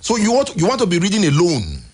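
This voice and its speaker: A Nigerian man hosting a radio show, giving emphatic, exasperated commentary in a husky voice. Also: high-pitched, huge pitch swings, fast, a little mellow. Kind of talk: impassioned on-air commentary. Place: radio studio.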